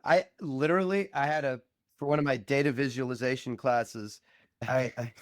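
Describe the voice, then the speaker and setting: A man's voice: mid-range voice, steady tone, moderate pace, no echo, clean studio sound. A man hosting a podcast interview, playful and joking in casual chat. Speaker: podcast host.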